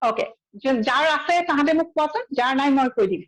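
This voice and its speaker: A woman's voice: high voice, racing, poor audio. A woman with an Assamese accent giving a biology lecture in class, mixing English and Assamese and often asking students to check their answers. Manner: asks students frequent check questions, mixes English and Assamese. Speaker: biology teacher.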